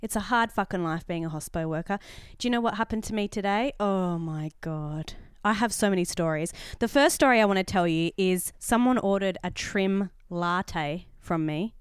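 A woman's voice: mid-range voice, normal speed, few pauses, clear, resonant tone, dry recording, clean studio sound. A young Australian woman co-hosting a podcast, chatting casually and telling stories full of "like" and "um". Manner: chatty, animated storytelling with acted-out quotes; frequent "like" and "um" fillers. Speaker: podcast co-host. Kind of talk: casual chat.

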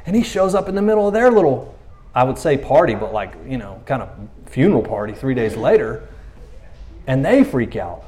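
A man's voice: on the high side, very animated, fairly quick, a little mellow. A man preaching a casual, conversational sermon, telling stories animatedly and acting out quoted lines in playful voices. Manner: conversational fillers like "you know what I mean". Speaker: pastor.

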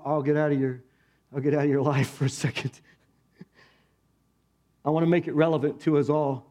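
A male pastor preaching a conversational sermon to his congregation, animated and full of rhetorical questions. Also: high voice. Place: church, speaking to a congregation.

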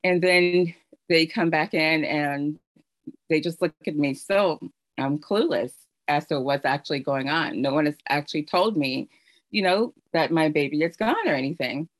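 A middle-aged woman telling her personal story in an earnest, halting way, with fillers and restarts. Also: deep voice, no echo. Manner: emotional storytelling. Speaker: speaker sharing her story. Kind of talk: personal testimony.

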